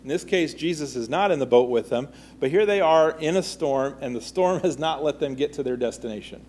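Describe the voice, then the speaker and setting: A man's voice: on the high side, lively intonation, fairly quick, darkish tone, slight background noise. A man teaching a Bible study in a conversational way, reading scripture aloud and then asking the group questions.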